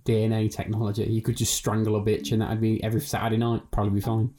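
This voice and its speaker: Male podcast co-host, low mellow voice, crude rambling banter, swears a lot. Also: completely flat delivery, fast. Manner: profane, rambling, jokey. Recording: talking into the wrong side of the mic.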